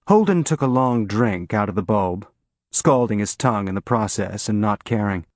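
A man narrating an audiobook in a steady, even reading voice on a close mic. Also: lowish voice, moderate pace, no room sound. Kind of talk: scripted narration.

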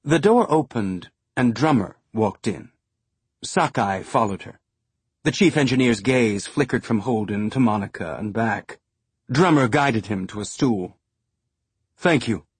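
A man narrating an audiobook in a measured storytelling manner. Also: lowish voice, husky, dry recording. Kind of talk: scripted narration. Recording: dry studio sound.

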